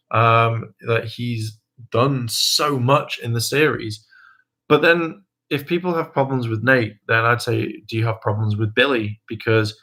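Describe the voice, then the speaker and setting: A young man hosting a casual livestream, talking in a hesitant, rambling way with many ums and restarts, now and then jumping into a high, mocking voice to quote people. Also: pushed and bright. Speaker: livestream host.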